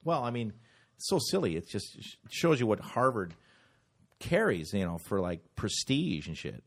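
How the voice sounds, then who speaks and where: A man's voice: lowish voice, normal speed. A man who does stand-up comedy, talking casually and jokingly with plenty of swearing. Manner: animated, swearing, jokey. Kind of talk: casual chat.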